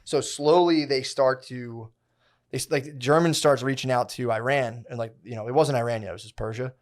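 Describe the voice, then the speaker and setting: A man in a podcast chat, spinning out a long story in loose slang and often restarting his sentences. His voice sits at an ordinary middle pitch. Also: steady tone, moderate pace. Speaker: podcast co-host. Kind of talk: casual chat.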